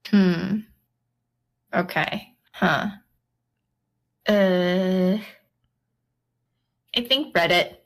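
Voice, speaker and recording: A woman's voice: on the low side, very slow, long pauses. A woman co-hosting a casual podcast, thinking aloud hesitantly during a quiz. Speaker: podcast co-host. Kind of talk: casual chat.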